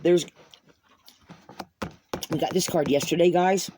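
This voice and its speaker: A woman's voice: lowish voice, fairly even intonation, takes it slowly, a little mellow, slight background noise. A woman doing a tarot reading for viewers, talking in an earnest, rambling way and often repeating herself. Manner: earnest, repetitive, rambling, addresses viewers as guys. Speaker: tarot card reader.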